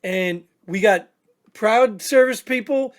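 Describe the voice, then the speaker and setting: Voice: medium pitch, takes it slowly. A military veteran co-hosting a podcast, giving blunt, heated political commentary full of insults, rhetorical questions and repeated phrases.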